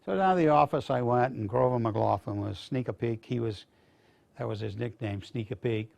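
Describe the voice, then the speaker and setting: A man's voice: mid-range voice, moderate pace, vocal fry, darkish tone. An older man from Maine, a veteran speaking to students, telling folksy stories in a rambling, casual way. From Maine, USA. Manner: rambling, folksy anecdotes with restarts.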